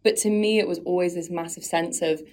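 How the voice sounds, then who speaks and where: A woman with a lowish, darkish voice speaks steadily and a little fast as a podcast guest. She reflects candidly on her own life in a casual, conversational way, often laughing at herself.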